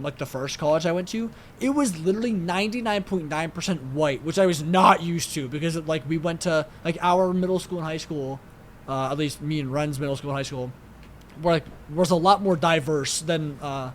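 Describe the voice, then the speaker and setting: Swearing and rambling, a young man with a New York accent chats casually as a podcast co-host, filling his speech with "like." His pitch is fairly high, and there's a slight hiss or hum behind him.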